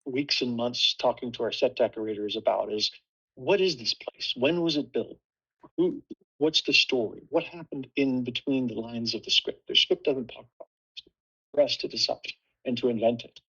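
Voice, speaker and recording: A man's voice: medium pitch, moderate pace, sharp tone, slightly rough, dull audio. A man speaking as a production designer in a casual panel talk, thoughtful and full of restarts.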